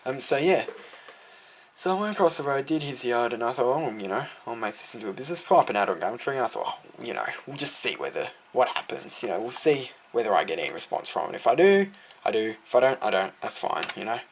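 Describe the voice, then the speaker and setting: Rambling Australian teenage boy, gravelly. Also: medium pitch, very animated, fast, a little hiss or hum. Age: teens. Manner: rambling, filler-heavy, easily sidetracked. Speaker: lawn care business owner. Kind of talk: casual storytelling vlog.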